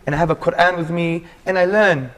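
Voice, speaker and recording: A man's voice: fairly high pitch, brisk. Earnest man telling a heartfelt story. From England. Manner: animated, earnest, calls the listener "bro". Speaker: guest telling his conversion story. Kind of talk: casual interview storytelling.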